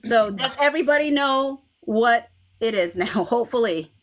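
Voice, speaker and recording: A woman hosting a casual fan livestream, talking in an animated way with frequent laughs and restarts. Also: a little high, normal speed. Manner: animated, laughs often, many restarts and okays. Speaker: livestream host.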